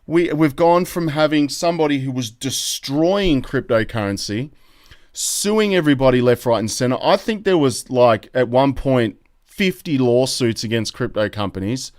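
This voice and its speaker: An Australian man hosts a live crypto stream and reacts to the chat in an excitable, rambling way. His voice is smooth and clear, at a middling pitch. The sound is close and dry. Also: moderate pace, no room sound. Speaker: crypto YouTube host.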